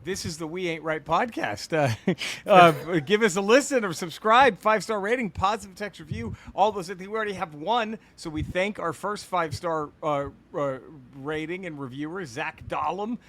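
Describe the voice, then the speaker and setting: A male comedian hosting a podcast in casual chat, excitable and laughing often. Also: sits high, moderate pace.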